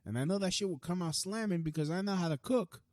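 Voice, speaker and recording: A young man hosts a podcast in a high voice with a darkish tone, unloading a fiery, swear-heavy monologue. He rushes along with frequent restarts, and the sound is dry and studio-clean.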